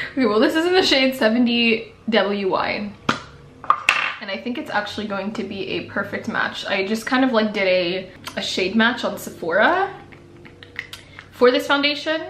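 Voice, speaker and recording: A woman's voice: mid-range voice, a bit bright. A young woman chatting casually and playfully through a makeup tutorial in her apartment, laughing often. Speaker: beauty vlogger. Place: apartment room. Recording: echoey room, faint background noise.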